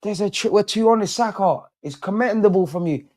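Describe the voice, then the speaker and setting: A man's voice: high voice, a little fast, a little mellow. A young man doing a live football watch-along, swearing, pleading with the players and throwing in lots of slang. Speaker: football fan streamer.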